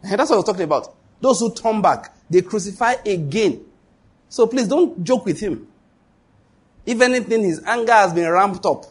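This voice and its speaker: Emphatic husky male preacher. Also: animated, normal speed. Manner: emphatic preaching with sudden high-pitched exclamations and rhetorical questions. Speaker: pastor. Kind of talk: sermon.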